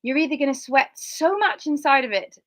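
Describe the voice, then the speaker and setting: A middle-aged woman from Cornwall, chatting casually about her hiking gear and telling lively stories. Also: fairly quick. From Cornwall, England. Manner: chatty and animated, acts out dialogue in a higher voice. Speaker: hiker and vlogger. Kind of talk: casual gear talk with storytelling. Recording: slightly dull lo-fi sound.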